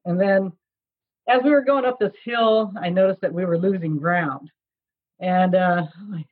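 Husky-voiced woman mentor telling a story. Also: medium pitch, normal speed. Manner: lively, laughing, animated retelling. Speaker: youth mentor. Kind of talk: casual storytelling. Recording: tinny phone-like line.

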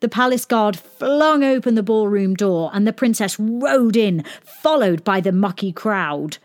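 A woman reading a children's story aloud in a gentle, expressive storytelling manner. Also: medium pitch, a little slow.

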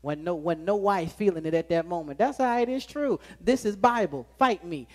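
A man preaching a sermon to a live congregation in a church, joking with the crowd and swinging between loud emphasis and hushed, intimate moments. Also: high-pitched, expressive, moderate pace, hardly any pauses. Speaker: pastor.

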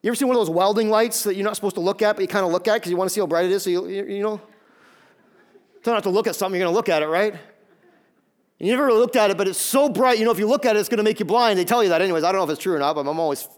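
High-voiced emphatic preacher man. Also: very fast. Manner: emphatic, repeats words when starting phrases. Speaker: pastor. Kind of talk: sermon.

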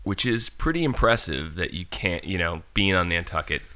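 A man's voice: low-pitched, animated, moderate pace, bright, forceful tone. A man hosting a casual interview, asking questions with many restarts and fillers. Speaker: podcast host.

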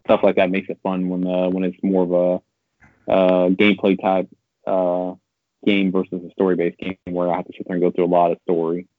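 A deep-voiced man rattles off his thoughts at speed, cursing freely and getting worked up as he rambles. The sound is thin and tinny like a phone line, and completely dry. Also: fairly quick, dry recording. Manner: swears a lot, rambling and animated when venting. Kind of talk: casual gaming chat.

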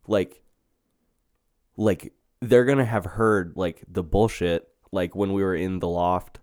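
A man's voice: deep voice, steady tone, takes it slowly, darkish tone, no room sound, clean studio sound. A young man co-hosting a podcast, chatting loosely, joking and swearing with his co-host. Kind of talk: casual podcast chat. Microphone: podcast mic.

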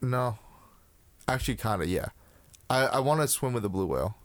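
A young man co-hosts a podcast, chatting casually with a mid-range voice, lively intonation and a moderate pace, with no room sound. He rambles, swears freely, and fills his talk with restarts and fillers.

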